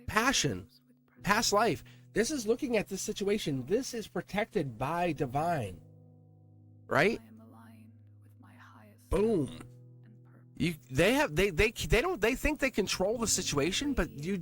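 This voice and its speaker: A male tarot reader with a fairly high voice that swings all over as he rambles through a casual reading, chatting to his cards and chuckling. Soft music plays faintly behind him. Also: takes it slowly, long pauses. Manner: animated, rambling, talks to the cards and laughs.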